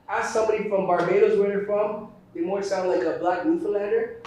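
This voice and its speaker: A man from Jamaica, doing a stand-up comedy set with punchy storytelling and quick character voices. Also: high voice. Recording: roomy, distant mic.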